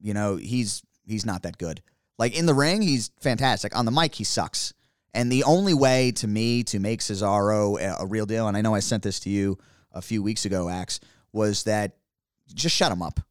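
A lower-pitched man chatting loosely as a podcast co-host, his opinions spilling out in long rambling runs. The sound is dry and close, with almost no room around him. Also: normal speed, no room sound. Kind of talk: casual wrestling chat.

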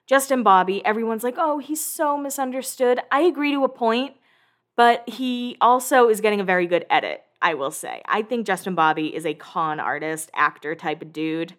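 A woman in her thirties hosting a podcast, gossiping through a casual, chatty recap of a reality show. She acts out the cast's lines in quick bursts and swears freely. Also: medium pitch.

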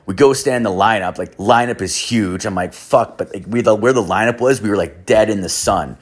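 A man's voice: fairly low pitch, a little fast. A young man telling a rambling, profane story in casual talk, with lots of "like". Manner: rambling, profane, heavy use of "like".

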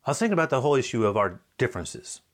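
A man's voice: mid-range voice, very animated, rapid-fire, close to an everyday voice. A man preacher voicing a flustered, evasive Samaritan woman who stammers and repeats herself.

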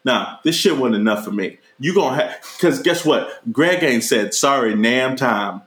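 A man co-hosting a casual, profane movie review chat, leaping into high mocking voices when he retells scenes. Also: normal speed. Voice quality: animated, jumps into high mocking voices for quoted characters. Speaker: podcast co-host reviewing a movie. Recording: roomy echo.

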